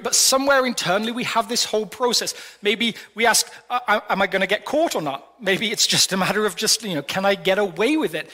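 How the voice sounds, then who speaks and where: A man's voice: high voice, bright, forceful tone. A middle-aged man preaching a sermon to a congregation in a conversational, playful way, asking many rhetorical questions. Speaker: pastor. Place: large hall before a congregation. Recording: long hall reverb.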